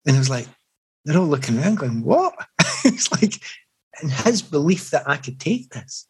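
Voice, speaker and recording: A man's voice: fairly high pitch, brisk, breathy edge, rough recording. A middle-aged man, a former footballer, telling reflective stories in an interview. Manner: reflective, animated anecdotes with restarts. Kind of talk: storytelling in an interview.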